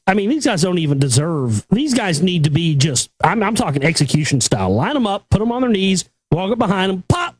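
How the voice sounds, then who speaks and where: Angry guy ranting on his show, swears a lot, yells, high voice, dry sound. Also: no room sound. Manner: aggressive, profane, escalating to shouting. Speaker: talk show host. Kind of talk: angry rant.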